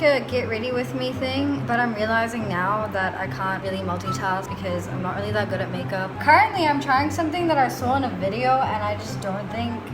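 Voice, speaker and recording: A young woman rambles cheerfully to her viewers in a relaxed vlog, laughing often and padding her sentences with "like". Her voice sits slightly high. Clear background music runs beneath her talk. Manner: chatty and giggly, filler-heavy with "like". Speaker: vlogger. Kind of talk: casual vlog chat.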